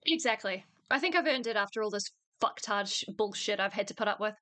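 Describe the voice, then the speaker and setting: A woman streamer with a bright, sharp voice that climbs and dips all over the place, crude and quick to laugh. She sits close to a dry, dead mic, chatting with her co-hosts. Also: mid-range voice, animated, no echo. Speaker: streamer host. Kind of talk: casual livestream reaction chat.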